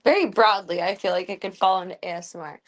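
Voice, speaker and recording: A woman's voice: on the low side, fairly even intonation, fast talker. A young woman streamer chatting casually at home, rambling and cooing baby talk at her cats. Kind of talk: casual chat while streaming.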